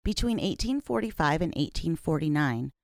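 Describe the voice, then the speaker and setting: A woman hosting an investigative podcast, reading scripted narration in a measured, serious manner. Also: low-pitched, lively intonation, vocal fry, dry recording, clean studio sound. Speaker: podcast host.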